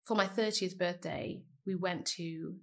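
Woman in her thirties, podcast guest, lively storyteller who acts out quotes. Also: a little slow, vocal fry. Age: 30s. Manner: animated, acts out quotes with big pitch jumps. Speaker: guest singer. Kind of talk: casual storytelling chat.

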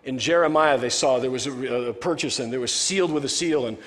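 A man's voice: mid-range voice, a little fast, fairly bright tone, big-room sound. A male pastor giving a sermon in a conversational, joking way, often restarting his sentences.

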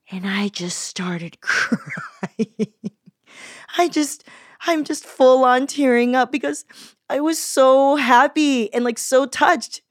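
A woman host, born in Taiwan and raised in America, chatting in a casual, expressive way during an interview. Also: fairly high pitch, no room sound, studio quality.

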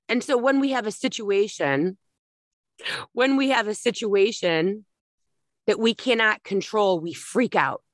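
A woman's voice: mid-range voice, unhurried, no room sound, clean studio sound. A middle-aged woman giving a blunt, emphatic spiritual talk, swearing freely as she advises people.

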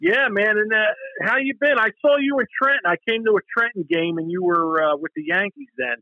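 A man's voice: high voice, a little fast, dry recording. A man reminiscing eagerly about old teammates in a casual chat. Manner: eager, excitable storyteller. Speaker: guest, former teammate. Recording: slightly muffled, dry sound.

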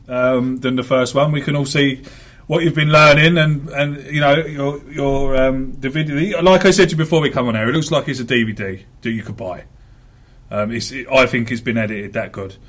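A man's voice: mid-range voice, steady tone, normal speed, fairly bright tone. A man hosting a casual football podcast, chatty, with many fillers and the odd swear word. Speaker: podcast host.

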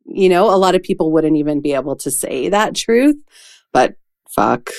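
A woman's voice: deep voice, animated, creaky, darkish tone, no echo, clean studio sound. A woman hosting a podcast, reacting effusively and chatting casually. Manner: effusive, reactive, quick to laugh. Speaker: podcast host.

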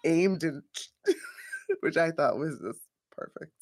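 A woman's voice: sits low, lively intonation, takes it slowly, no room sound, studio quality. A woman physician co-hosting a podcast, chatting casually and playfully, often breaking into laughter. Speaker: podcast co-host, internist physician. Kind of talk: casual chat.

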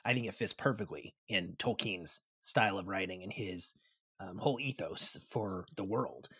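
Guy co-host rambling through a recap, excited, dry close mic. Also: deep voice, moderate pace, husky, no echo. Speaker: podcast co-host. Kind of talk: casual chat.

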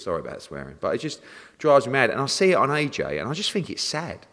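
A man, a boxing promoter talking in a casual interview, animated and swearing freely as he rants. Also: on the low side, brisk. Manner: animated, swearing, ranting with acted-out exchanges. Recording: long reverb.

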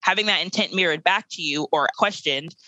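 A woman's voice: lowish voice, a little fast, bright, forceful tone, no echo, rough recording. A woman in her late twenties, a guest educator in a podcast interview, speaking bluntly and emphatically with bursts of laughter. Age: 20s.

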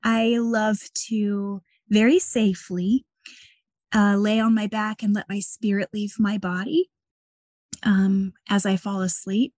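A woman working as a psychic medium, talking casually and gently about her spiritual practices and reading cards, often pausing to search for words. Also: medium pitch, flat delivery, no echo. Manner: gentle, rambling, with frequent fillers.

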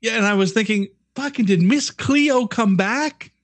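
A man's voice: sits high, a little slow, no echo. A man co-hosting a casual podcast, profane, stammering through restarts. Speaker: co-host.

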